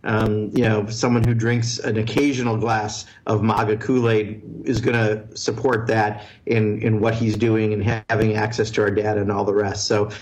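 A man's voice: on the low side, flat delivery, moderate pace, few pauses, rough recording. A man, a congressman, answering callers on a radio show in a blunt, earnest way with many fillers. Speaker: congressman guest.

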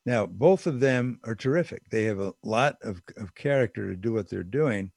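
A man's voice: on the low side, lively intonation, moderate pace, creaky, darkish tone, breathy edge, dry recording, studio quality. An older man giving a casual, digressive political commentary monologue with emphatic asides.

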